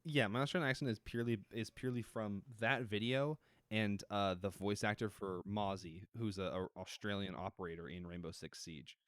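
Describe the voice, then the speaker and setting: A man's voice: fairly low pitch, a little fast, few pauses, smooth, no room sound. A young man streaming live, chatting casually and rambling, swearing freely and often restarting his sentences. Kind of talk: casual chat.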